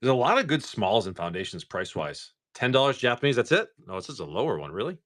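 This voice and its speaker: A man's voice: medium pitch, very animated, fast talker, fairly bright tone. A man from Massachusetts hosting a casual live stream, rambling in a laid-back way and swearing freely. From Massachusetts, USA.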